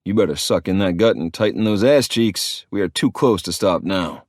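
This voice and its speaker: A blunt, grumbling biker, as a male narrator puts him on, speaking in short, curt bursts. The voice sits low and gravelly in tone. It is recorded dry and close, with no room sound. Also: normal speed, no echo. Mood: gruff.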